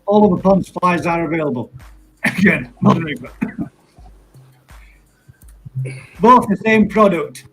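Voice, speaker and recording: A high-pitched, husky man hosting a relaxed live chat. He laughs easily, rambles through his thoughts and keeps calling everyone mate. Faint music plays softly behind him. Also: unhurried, pauses often, low-quality recording. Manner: chatty, laughs often, calls people mate. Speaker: live stream host.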